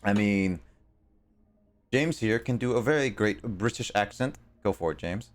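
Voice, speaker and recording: A man's voice: fairly low pitch, expressive, unhurried. A male streamer chatting casually while playing a game, rambling with plenty of fillers. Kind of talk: casual chat while gaming.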